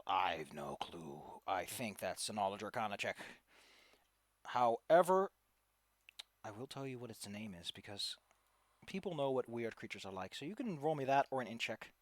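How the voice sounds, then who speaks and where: A man's voice: mid-range voice, big pitch swings, moderate pace, no echo. A man narrating as game master in a tabletop game, talking loosely with lots of filler words.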